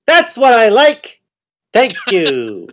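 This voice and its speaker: Short scheming goblin chief, a man doing the voice, slow and swooping, for a lo-fi podcast game. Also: extremely high pitch, wildly swooping pitch, a bit bright, slight background noise, pitched above the performer's own voice, heavily acted. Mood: welcoming. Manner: fawning then indignant, showy. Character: small scheming male goblin boss.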